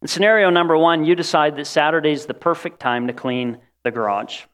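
Male preacher with a slightly high voice, animated sermon delivery, acts out quoted voices. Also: brisk.

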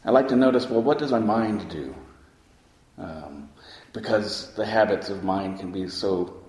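A man teaching as a meditation teacher, giving a dharma talk in a slow, reflective way, pausing often with soft fillers. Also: on the low side, lively intonation. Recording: roomy hall with long reverb.

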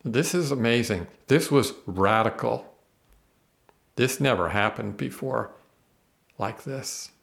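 A man's voice: mid-range voice, animated, slow, vocal fry, long pauses, a bit bright. A man teaching the Bible on a podcast, earnest and emphatic, reading verses aloud and explaining them.

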